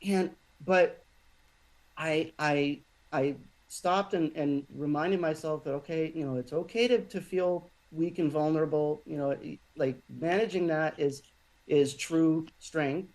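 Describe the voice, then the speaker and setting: Halting man telling a story. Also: fairly high pitch, darkish tone, low-quality recording. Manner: halting, many restarts and fillers. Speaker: podcast guest. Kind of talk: conversational storytelling.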